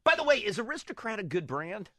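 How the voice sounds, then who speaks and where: A man's voice: high voice, big pitch swings, fast talker, bright, forceful tone, no room sound. A male host in casual studio chat, playfully prompting his guest with questions.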